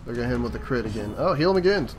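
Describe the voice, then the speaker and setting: A man hosting a let's play, giving casual gameplay commentary and swearing loudly at setbacks. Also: medium pitch, lively intonation, very fast.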